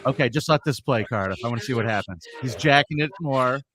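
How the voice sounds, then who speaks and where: A man's voice: mid-range voice, quick pace, a crowd in the background. A man co-hosting a casual livestream, reading viewer comments aloud and teasing his partner. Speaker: co-host.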